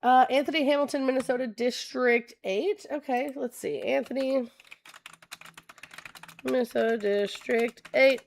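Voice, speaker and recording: A woman's voice: on the high side, normal speed, creaky. A young adult woman hosting a casual political livestream, chatting with viewers, laughing often and reading web pages aloud. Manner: reads candidate web pages aloud to chat.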